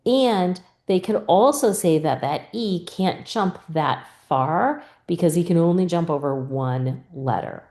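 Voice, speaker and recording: A woman's voice: sits low, dark tone, reverberant. A woman teacher patiently explaining a spelling rule, acting out the questions she asks students. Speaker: reading teacher trainer. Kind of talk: instructional explanation.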